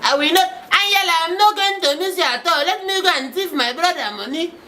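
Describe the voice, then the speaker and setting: An actor with a Nigerian accent playing a broke young boyfriend, pleading and excitable in pidgin. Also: male voice, very high-pitched, brisk, slight background noise, full character voice. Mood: agitated.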